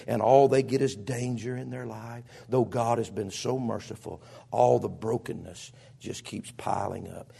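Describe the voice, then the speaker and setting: A man preaching a sermon as pastor, with impassioned delivery that swings between loud and soft. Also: mid-range voice, vocal fry, slightly rough.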